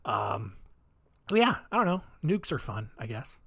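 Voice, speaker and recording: A man's voice: mid-range voice, very animated, measured pace, gravelly. A man hosting a solo podcast, telling stories in a rambling, offhand way full of ums and wry asides. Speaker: podcast host. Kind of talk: casual solo podcast storytelling.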